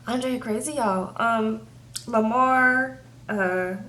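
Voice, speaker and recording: A young woman who reviews TV shows recaps a reality episode in a loose, chatty way, peppering her talk with "like" and frequent "okay?" checks. Her voice is a little high and bright, slow in pace, with a forceful tone.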